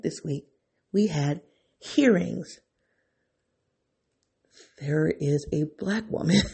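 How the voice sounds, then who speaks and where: A man talks through his thoughts on his own podcast, unscripted and excitable, often restarting and circling back. His voice sits a bit high for a man, yet it is mellow and dark in tone, with a husky, gravelly texture. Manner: thinking aloud, excitable, circling back on himself. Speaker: podcast host. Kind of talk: unscripted reflective monologue.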